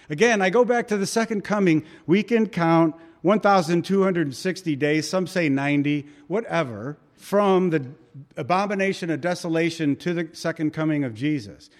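A man's voice: fairly high pitch, normal speed. A male pastor preaching a sermon in a conversational, storytelling way, acting out voices in his anecdotes.

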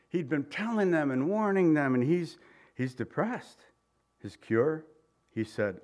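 A man preaching a sermon, animated and acting out the voices he quotes. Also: on the high side. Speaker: pastor.

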